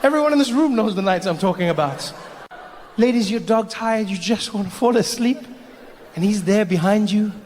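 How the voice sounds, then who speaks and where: A man performing a stand-up comedy set, animated, conversational and playful. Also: high-pitched, normal speed. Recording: hall reverb, faint noise.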